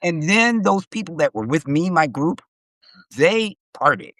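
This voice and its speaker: A man's voice: on the high side, a little slow, no echo. A middle-aged man telling stories in casual chat, swearing freely and acting out the voices of people in them. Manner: animated, profane storyteller acting out quotes. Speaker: live stream host.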